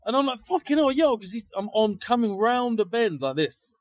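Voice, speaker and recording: Outdoors on location, a podcast co-host tells a story casually in a high voice at normal speed, with no echo. He is animated, swears a lot, and acts out quotes by shouting them.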